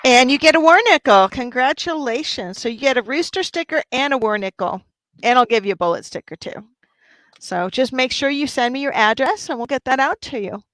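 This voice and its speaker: Chatty higher-voiced woman livestream host. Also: expressive, a little fast, fairly bright tone, no room sound, soft background music. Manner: chatty, upbeat, talking to chat viewers. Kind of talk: casual livestream chat.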